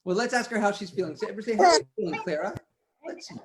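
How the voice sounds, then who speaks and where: A man's voice: high voice, very animated, racing, a crowd in the background. A man leading an interactive music lesson for children, playfully coaxing them to repeat after him. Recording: children chattering in the background. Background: children's voices.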